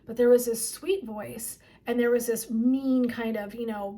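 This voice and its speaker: Chatty woman wellness coach, higher voice. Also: steady tone, measured pace, a little mellow. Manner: chatty and emphatic, frequent 'like' and 'right?'. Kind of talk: motivational talk to viewers.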